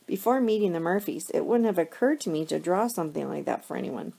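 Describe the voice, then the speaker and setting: A woman teacher reads a novel aloud to her students, telling the first-person story with expression. Her voice is lowish and gravelly. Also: lively intonation, fast talker, mellow. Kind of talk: reading a novel aloud to a class.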